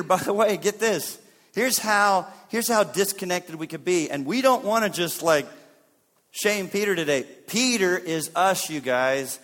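A man preaching a sermon with dramatic delivery. He acts out the lines of biblical figures, swinging sharply between loud and soft. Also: in a large hall. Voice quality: dramatic, voicing biblical figures with wide swings in pitch and loudness. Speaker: pastor.

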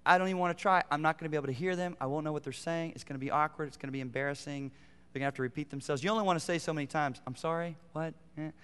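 Resonant pastor preaching in a reverberant hall. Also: male voice, on the high side, very fast, smooth. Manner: animated, rising to emphatic peaks then dropping to quiet asides. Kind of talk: sermon. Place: church sanctuary. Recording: long reverb of a large hall.

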